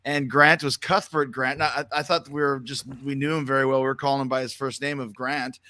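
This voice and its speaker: A man's voice: medium pitch, fairly even intonation, a little fast, sharp tone, no room sound. Rambling storytelling man, dry sound. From Canada. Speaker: podcast host. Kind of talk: casual chat.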